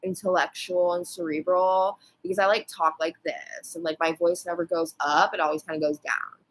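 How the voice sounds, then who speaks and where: A woman imitating an affected young woman who speaks in a low, slow, monotone voice that always falls at the end. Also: natural voice, rough recording. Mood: haughty. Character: affected, cerebral young woman with a falling, flat voice.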